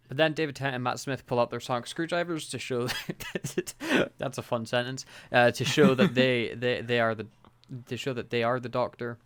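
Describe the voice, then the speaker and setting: A man's voice: mid-range voice, normal speed, no echo. A man, co-hosting a podcast in casual chat, laughing often and quoting lines. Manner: laughs often, quotes characters in put-on voices. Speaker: podcast co-host. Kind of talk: casual chat recapping an episode.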